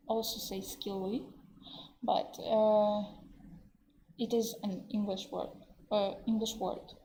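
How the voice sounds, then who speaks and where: A woman with a Russian accent teaching English vocabulary in an online webinar, explaining words slowly and translating them into Russian. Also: on the high side, darkish tone, a little hiss or hum, rough recording. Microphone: computer mic on a webinar.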